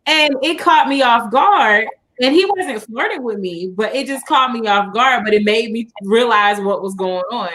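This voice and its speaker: Casting: woman, bright tone, slightly high, chatty panelist. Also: normal speed, slight background noise. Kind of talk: casual panel chat.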